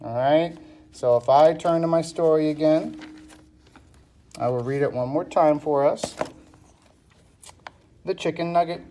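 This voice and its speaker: A male teacher talks young students through a reading lesson in a slightly higher voice. He speaks slowly and patiently, checking in often as he goes. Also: mellow, slight background noise. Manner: slow, patient, checks in with frequent "okay?". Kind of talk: recorded classroom lesson, reading a storybook aloud.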